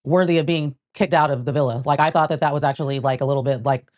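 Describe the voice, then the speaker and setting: A woman's voice: sits low, fairly even intonation, quick pace, a little mellow. A woman co-hosting a casual reality TV recap, opinionated, with slangy asides. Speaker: podcast co-host.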